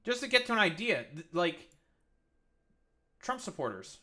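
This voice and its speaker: A man's voice: fairly high pitch, sharp tone. A man giving heated, profane live-stream commentary on politics, often restarting his sentences.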